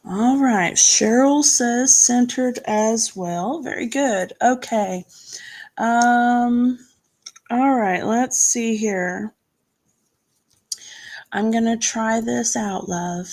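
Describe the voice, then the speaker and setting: Woman craft-stream host, a bit high-voiced, unhurried, chatty, reads out comments and laughs easily. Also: darkish tone. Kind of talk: casual live-stream crafting chat.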